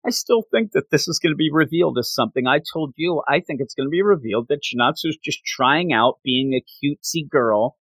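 A man casually recapping a manga chapter with a co-host, rambling and quickly acting out the characters' lines. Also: on the high side, lively intonation, a bit bright, no echo.

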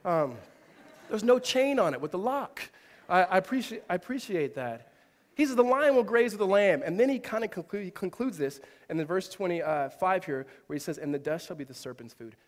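A man in his thirties preaching a sermon, telling lively personal stories with humorous asides. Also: high voice, fairly quick. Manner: animated storytelling with asides and self-deprecating humor. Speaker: pastor. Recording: long reverb of a large hall.

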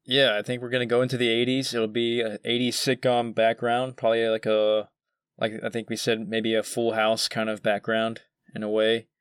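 A man co-hosting a casual podcast, talking in a relaxed, hedging way. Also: medium pitch, normal speed, smooth, no echo, studio quality. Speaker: podcast co-host. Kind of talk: casual chat.

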